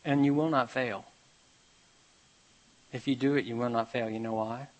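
A man preaches a sermon with a mid-range voice that rises to loud urgent calls. He then drops to a quiet, hushed storytelling tone, reading scripture aloud and telling a parable. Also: medium pitch, fairly even intonation, normal speed, rough recording. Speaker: pastor.

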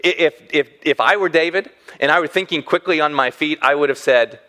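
A man preaching a sermon as a pastor, animated and acting out the voices he quotes. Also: fairly high pitch, fairly quick, hardly any pauses.

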